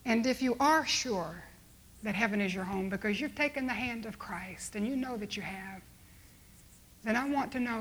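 A woman preaching a sermon, telling a story dramatically and slowing to soft, hushed appeals. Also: fairly high pitch, slight background noise.

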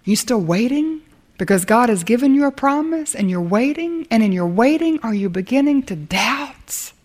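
A woman's voice: a little high, expressive, moderate pace. Earnest woman Bible teacher. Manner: earnest and emphatic, dropping to a hush at times. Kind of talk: sermon.

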